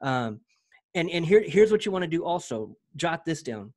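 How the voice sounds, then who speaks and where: A man giving a casual, energetic software walkthrough, talking in slang and often repeating his words as he goes. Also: fairly high pitch, moderate pace. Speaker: presenter demoing software.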